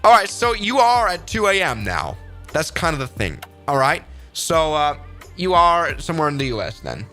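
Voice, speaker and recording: A man's voice: on the high side, wildly swooping pitch, moderate pace, bright, forceful tone, soft background music. A man doing casual live-stream commentary on a flight simulator, upbeat and rambling as he thinks aloud.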